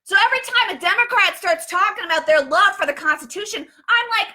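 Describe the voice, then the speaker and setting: Fervent high-voiced woman ranting. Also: a little fast, bright, forceful tone. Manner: fervent, repetitive, many restarts. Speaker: political commentary host. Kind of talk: live political commentary rant.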